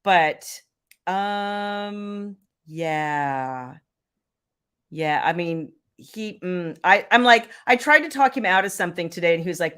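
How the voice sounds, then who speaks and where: A woman's voice: on the low side, lively intonation, slow, a bit bright, smooth. A woman, chatting casually and laughing as host of a livestream. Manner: chatty, laughing, Southern "y'all". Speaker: romance author and livestream host.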